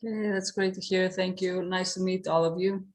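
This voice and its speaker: A woman hosting a casual online video-call meeting, introducing participants in an informal, steady way with frequent fillers. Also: fairly low pitch, normal speed. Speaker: meeting host.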